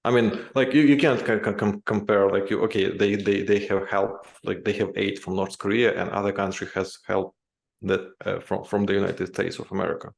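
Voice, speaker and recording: A man with a deep, heavily gravelly voice co-hosts a casual podcast. He speaks haltingly, restarting words and filling gaps as he thinks aloud. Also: fairly even intonation. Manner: halting, with many restarts and fillers. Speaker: podcast co-host. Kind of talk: casual political chat.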